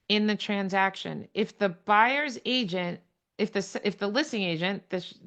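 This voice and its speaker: A woman leading an online real estate training on a video call, frank and plain-spoken, with quick blunt asides. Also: mid-range voice, a bit bright. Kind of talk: online training session talk. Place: home or office on a video call.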